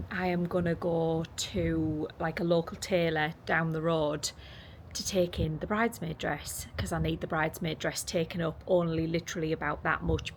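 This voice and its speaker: English accent, woman, thirties, rambling casual vlog talk, lowish voice, hissy recording. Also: poor audio. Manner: chatty, rambling, self-deprecating. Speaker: vlogger. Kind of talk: casual vlog chat to camera. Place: in a car for some parts.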